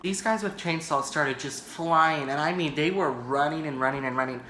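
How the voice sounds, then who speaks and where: A man's voice: a little high, moderate pace, sharp tone, a little hiss or hum. A man vlogging on camera indoors, telling a story in a dramatic, rambling way and often checking in with "right?". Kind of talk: storytime vlog. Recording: echoey room.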